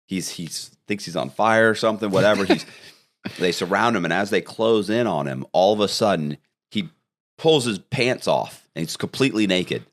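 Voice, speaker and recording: Low-voiced man telling prison stories. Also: moderate pace. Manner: animated storyteller, swears freely, acts out other voices. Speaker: interviewer, former prisoner. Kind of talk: casual storytelling interview.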